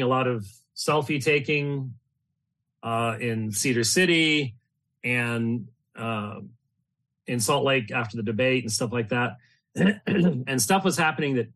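A man's voice: mid-range voice, a bit bright. A middle-aged man with an ordinary mid-range voice talks in loose, unscripted reflections. He rambles, circles back with fillers and false starts, and laughs now and then. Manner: rambling, full of fillers and restarts, laughs often. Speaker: host. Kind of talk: casual spoken reflections.

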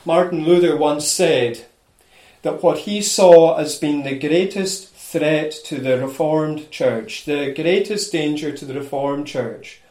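High-voiced male preacher, echoey room. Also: darkish tone. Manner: repetitive, emphatic preaching in building lists; speaks frankly and directly to listeners. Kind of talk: sermon.

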